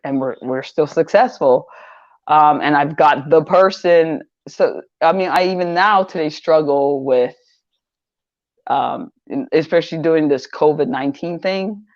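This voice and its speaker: With a deep voice and measured pace, an older woman sells online and, as an interview guest, rambles through her story, repeating words and getting animated when quoting others. The audio is dull, with no room sound.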